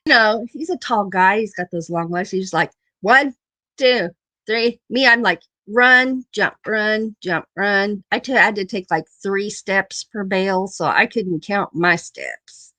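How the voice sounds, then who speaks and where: A woman's voice: mid-range voice, normal speed, few pauses, pushed and bright, dry recording. A middle-aged woman hosting a casual live-stream chat, laughing often and repeating her phrases affectionately.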